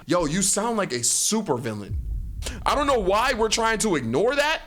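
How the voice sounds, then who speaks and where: Young dude streamer reacting, slangy and profane, voice jumps around a lot. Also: male voice, high-pitched, big pitch swings, normal speed, fairly bright tone, a little hiss or hum. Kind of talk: casual reaction commentary.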